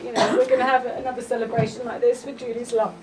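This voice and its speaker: At a memorial gathering, with a loud crowd and background noise caught by a distant mic, a woman eulogizes a close friend. A friend of the family, she is fond and heartfelt, chuckling between lines, though her high-side voice is flat and she talks fast.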